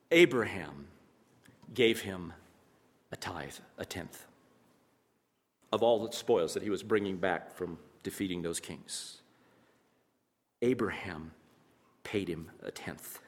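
A man preaching an expository sermon as pastor, swinging between loud emphasis and hushed asides, repeating key phrases and asking rhetorical questions. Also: lowish voice. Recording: long hall reverb.

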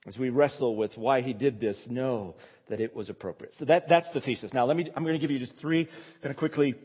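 A man's voice: medium pitch, brisk, darkish tone, slightly rough, in a large hall. A male pastor preaching a sermon, emphatic and repeating key phrases for stress.

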